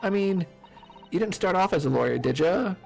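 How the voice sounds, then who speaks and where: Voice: medium pitch, lively intonation, normal speed, gravelly, a little mellow, faint music behind. A streamer reading a game's dialogue aloud, voicing a brash, cheerful young female pickpocket from the slums in slangy talk. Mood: determined.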